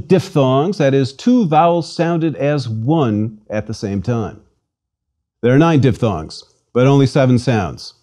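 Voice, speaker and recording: Slow-spoken man teaching pronunciation. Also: medium pitch, mellow. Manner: patient, slow, repeating words for drill. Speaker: language lecturer. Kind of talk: scripted pronunciation lesson. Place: studio.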